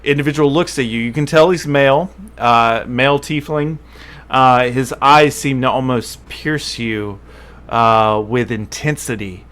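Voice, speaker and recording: A man's voice: medium pitch, unhurried, a bit bright, smooth. A man running a tabletop game as game master, narrating descriptively with frequent fillers and self-corrections.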